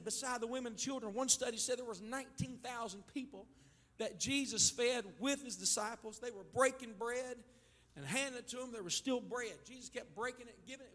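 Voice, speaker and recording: A male pastor with an Ohio accent preaching a fiery sermon, building to loud shouts and calling on the congregation. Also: very high-pitched. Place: church sanctuary. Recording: live church hall with long reverb and faint music.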